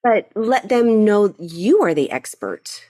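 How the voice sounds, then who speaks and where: Expressive woman with a lively pitch. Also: slow. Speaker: podcast guest, charity executive. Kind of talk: casual podcast conversation.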